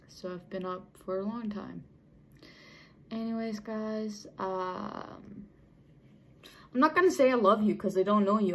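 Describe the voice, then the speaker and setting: A young woman vlogger rambles casually to her viewers at an unhurried pace. Her thoughts wander, and she often breaks off and restarts her sentences. Her voice sits at an ordinary middle pitch. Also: slight background noise, low-quality recording. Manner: rambling, chatty, with many restarts. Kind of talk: casual unscripted talk to camera.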